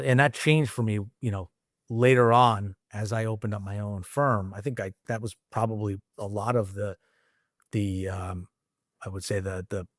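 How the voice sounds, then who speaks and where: A man's voice: fairly low pitch, dry recording, studio quality. A middle-aged man talking candidly as a podcast guest, casual and rambling, swearing freely. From United States. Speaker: guest entrepreneur.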